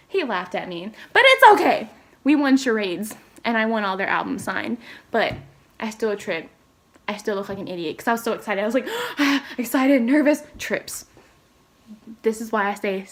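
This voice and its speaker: A young adult woman telling personal stories in a casual vlog, animated and rambling, full of "like" fillers and sudden jumps in pitch. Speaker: K-pop fan vlogger.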